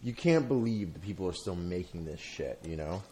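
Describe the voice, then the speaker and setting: A man telling a story in casual chat, rambling and halting, with frequent swearing. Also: low-pitched, animated, over a noisy crowd.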